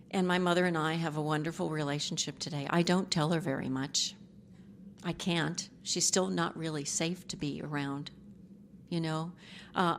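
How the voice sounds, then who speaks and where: A woman's voice: on the low side, fairly bright tone, a little hiss or hum. A middle-aged woman giving a personal testimony as a speaker at a recovery group meeting, candid and rambling with frequent asides and self-deprecating humor.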